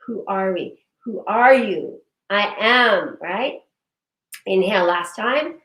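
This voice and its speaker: A woman leading a guided breathing and movement session, giving slow, soothing cues and affirmations. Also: medium pitch, animated, fairly bright tone. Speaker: breathwork and wellness instructor. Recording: echoey room.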